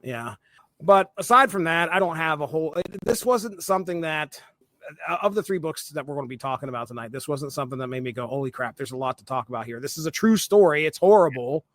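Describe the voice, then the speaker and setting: Male podcast co-host, slightly high voice, dry close sound, rambling, lots of ums. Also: expressive, a little fast, a bit bright, dry recording. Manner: rambling, hesitant, with many fillers. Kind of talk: casual chat.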